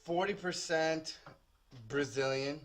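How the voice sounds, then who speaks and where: Joking man, a bit high. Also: slow pace. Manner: joking, laughs often. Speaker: podcast co-host, tattoo artist. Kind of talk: casual chat.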